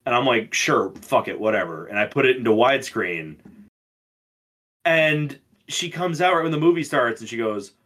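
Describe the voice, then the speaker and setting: A man's voice: medium pitch, expressive, normal speed, sharp tone. Young man ranting in casual chat. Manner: profane, ranting storyteller. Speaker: podcast co-host.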